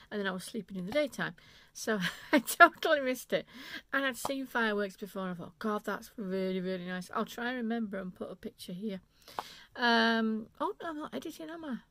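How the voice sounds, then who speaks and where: Woman, knitting vlogger, bubbly and rambling, slightly high, gravelly, dry close sound. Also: fairly bright tone, no echo. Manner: enthusiastic, rambling, self-interrupting. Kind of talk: unscripted chatty yarn haul.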